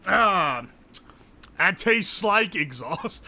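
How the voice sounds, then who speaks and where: A young man, chatting casually on a live stream, loud and joking, swearing often and laughing a lot. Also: high voice, big pitch swings, unhurried. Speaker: livestreamer.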